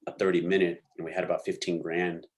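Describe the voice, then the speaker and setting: A young adult man, an actor guest, telling lively stories in a casual interview and acting out what people said. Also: sits low, fast talker. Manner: animated storyteller, slangy, acts out quotes.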